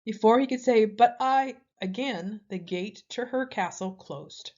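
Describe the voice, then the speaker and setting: A woman reading a children's picture book aloud in a lively, expressive way. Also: mid-range voice, measured pace. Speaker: storyteller. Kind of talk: children's story read-aloud. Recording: slightly dull lo-fi audio.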